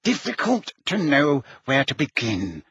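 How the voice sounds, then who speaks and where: A man reading an audiobook, voicing a careworn, middle-aged wizard minister who talks slowly and wearily. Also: high voice, wildly swooping pitch, sharp tone, slightly rough, no room sound, muffled recording, pitched above the performer's own voice, heavily acted. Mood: weary, stern. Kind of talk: audiobook character voice.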